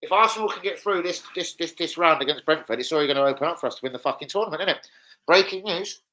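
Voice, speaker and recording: A man's voice: a little high, very fast, bright, forceful tone, a little hiss or hum, rough recording. A man chatting live to viewers about football, with sweary, blunt banter. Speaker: football fan streamer. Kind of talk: casual live-stream chat.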